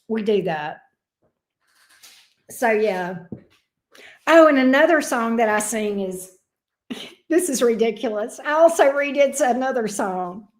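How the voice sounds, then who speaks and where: A woman's voice: on the high side, lively intonation, takes it slowly, pauses often. A middle-aged woman, chatting playfully with her viewers as a tarot reader and laughing often. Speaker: tarot reader hosting a livestream. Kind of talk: casual chat with viewers.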